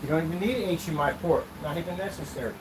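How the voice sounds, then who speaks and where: A man's voice: on the high side, very fast, background noise. A man hosting a casual product demo vlog, rambling loosely with asides as he shows projection screens. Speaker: channel host demonstrating projection screens.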